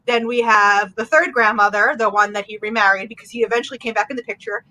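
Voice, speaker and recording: A woman in casual, blunt podcast banter, chatty and quick with quips. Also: fairly high pitch, sharp tone, poor audio. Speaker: podcast co-host.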